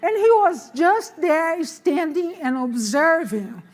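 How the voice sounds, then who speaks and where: Slow-talking high-voiced woman in her sixties. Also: long reverb tail. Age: 60s. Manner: animated, acts out the voices in her story. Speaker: guest telling a testimony. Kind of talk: personal testimony storytelling.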